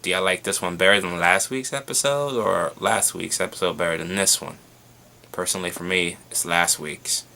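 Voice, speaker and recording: Excitable, bright-voiced man reviewing a show. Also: deep voice, moderate pace, creaky. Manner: excitable, profane, chatty. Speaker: TV episode reviewer. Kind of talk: casual review vlog.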